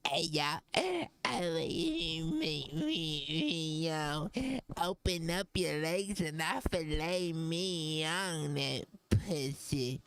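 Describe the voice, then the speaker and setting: A man's voice: a little high, expressive, drawn-out words, fairly bright tone, smooth, pitched above the performer's own voice, heavily acted. A man doing a crude, mumbling impression of a famous male rapper, stretching and slurring his words.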